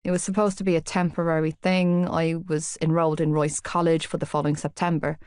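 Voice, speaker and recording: A woman reading an audiobook, voicing a calm young man from Dublin in a low, quiet, plain-spoken way. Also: a little fast, clear, resonant tone, no echo, clean studio sound, lightly acted. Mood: subdued. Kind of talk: audiobook character voice.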